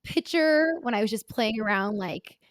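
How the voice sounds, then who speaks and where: A woman in her twenties, a podcast co-host, talking candidly about her past in a halting, earnest way with many filler words. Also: fairly high pitch, lively intonation, dry recording. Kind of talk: candid personal conversation.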